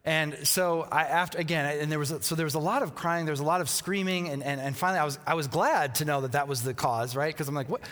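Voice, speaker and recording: A man's voice: on the high side, fairly even intonation, quick pace, few pauses, a bit bright. A man in his thirties, a pastor, giving a conversational sermon that opens with a chatty personal story he laughs along with. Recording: long reverb from a large hall.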